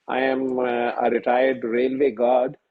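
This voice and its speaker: A middle-aged man from Pakistan, a senior physician telling a personal story over a video call, halting and earnest with many fillers and restarts. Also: mid-range voice, completely flat delivery, narrow, tinny audio.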